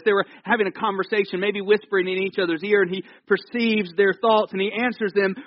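Pastor, high male voice, chatty sermon with humor, dry slightly muffled recording. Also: brisk, few pauses, no echo. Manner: animated, jokey storytelling with asides. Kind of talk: conversational sermon. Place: church.

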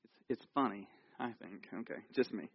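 A man giving a conversational, jokey sermon in a church, telling the story with animated asides. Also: on the low side, moderate pace, gravelly, husky, no room sound, dull audio. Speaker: pastor.

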